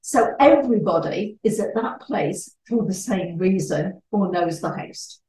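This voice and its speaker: A woman, a networking trainer giving a lively presentation talk and acting out little dialogues. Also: medium pitch. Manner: animated, acts out little dialogues. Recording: echoey room, distant mic.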